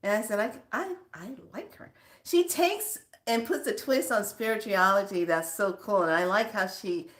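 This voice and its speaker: Slow, bright-voiced woman vlogger. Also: medium pitch. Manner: laughs often, swears for emphasis. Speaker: spiritual vlogger. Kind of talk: casual talk to viewers.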